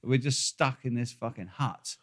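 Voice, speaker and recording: A man's voice: mid-range voice, normal speed. An older man telling a long, rambling travel story in casual chat, swearing freely and full of fillers. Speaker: podcast co-host.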